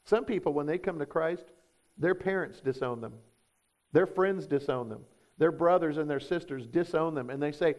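A man's voice: on the high side, normal speed, highs cut off. A man, preaching a sermon as pastor, emphatic and full of rhetorical questions.

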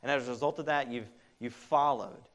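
A man's voice: mid-range voice, a little fast, fairly bright tone. A man preaching a sermon, speaking earnestly and directly to his listeners, often restarting his sentences. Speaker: pastor.

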